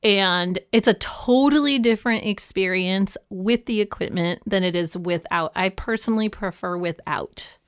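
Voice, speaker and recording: A woman's voice: mid-range voice, normal speed, hardly any pauses, clean tone, no echo, clean studio sound. A woman guest on a podcast, chatting in a casual, easygoing way. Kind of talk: casual chat.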